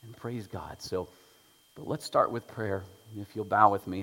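A man preaching an Easter sermon, moving between soft prayer and loud, emphatic points. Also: on the low side, fairly even intonation, measured pace. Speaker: pastor. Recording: long reverb from a large room.

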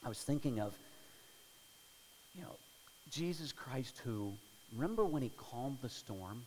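A male pastor preaching a sermon, swinging between loud dramatic storytelling and hushed prayer. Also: medium pitch, animated, moderate pace, long reverb tail, a little hiss or hum, low-quality recording.

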